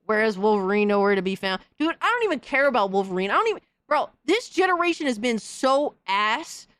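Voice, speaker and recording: A woman's voice: fairly high pitch, sing-song, fairly quick, fairly bright tone, clear, resonant tone, dry recording. A woman hosting a podcast, delivering a heated, profane, slang-filled rant in casual commentary. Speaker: podcast host.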